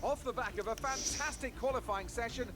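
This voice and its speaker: A polished race commentator. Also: male voice, extremely high pitch, fairly quick. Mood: upbeat. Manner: grand, announcer-style delivery. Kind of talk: scripted broadcast-style sports commentary. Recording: game audio with music. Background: game music.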